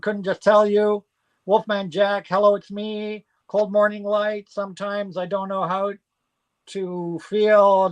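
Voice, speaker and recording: A man hosting a live auction from home, chatting casually and excitedly and rattling off long lists. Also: sits high. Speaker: host selling records at a live auction.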